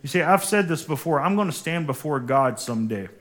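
A man's voice: fairly high pitch, expressive, a little fast, a bit bright. A man, a pastor preaching a sermon in a church and calling on the congregation to repeat after him. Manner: emphatic preaching, calls for congregation responses. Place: church sanctuary.

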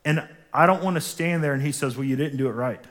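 A man's voice: a little high, fast. A man, a pastor preaching a sermon in a church and calling on the congregation to repeat after him. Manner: emphatic preaching, calls for congregation responses. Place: church sanctuary.

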